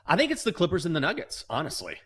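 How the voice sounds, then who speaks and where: A man co-hosting a sports betting show, telling a story with lively acted-out voices, then talking basketball. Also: fairly high pitch, fast, slightly rough. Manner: animated, acts out voices in anecdotes. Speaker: co-host.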